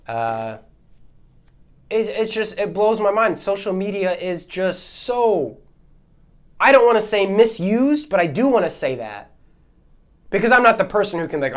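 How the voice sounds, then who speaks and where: A man hosting a solo podcast, ranting in a heated, exasperated way, his voice swinging between loud outbursts and quieter asides. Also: sits high, big pitch swings, measured pace, long pauses. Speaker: podcast host.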